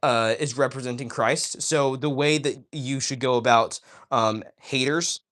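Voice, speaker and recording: A man's voice: medium pitch, steady tone, a little slow, a bit bright. A man hosting a casual livestream, talking straight to his viewers in an enthusiastic, preachy way and often asking "all right?". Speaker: livestream host. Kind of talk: casual livestream chat, reading chat aloud.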